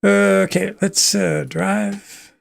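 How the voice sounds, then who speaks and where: A man's voice: high voice, fairly even intonation, very slow, vocal fry. A man from Canada hosting a livestream, chatting casually and thinking aloud as he plays a trucking game, with easy chuckles. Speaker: livestream host.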